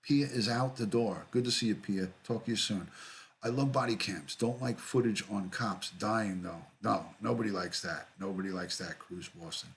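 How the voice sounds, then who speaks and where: In a lowish voice with vocal fry and at normal speed, a middle-aged man runs a casual livestream. The host, a retired detective, reads out viewer comments, greets people by name and frequently repeats himself.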